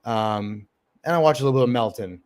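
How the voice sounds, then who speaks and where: A man's voice: mid-range voice, fairly quick, darkish tone. A man who does open mic comedy, hosting a casual livestream chat and rambling with lots of fillers and swearing. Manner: rambling, profane, filler-heavy. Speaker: livestream host.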